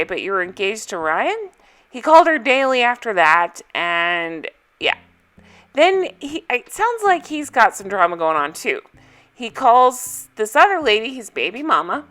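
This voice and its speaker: A woman's voice: a little high, fairly bright tone. A woman vlogger chatting casually through a TV recap, blunt and opinionated, often laughing.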